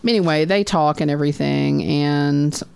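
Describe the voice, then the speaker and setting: A woman's voice: sits low, normal speed, vocal fry, a little mellow, clean tone, no echo. A young woman chatting casually as a podcast co-host, recapping scenes and quoting the people in them. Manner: chatty, retells scenes with quoted voices. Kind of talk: casual chat recapping a reality show.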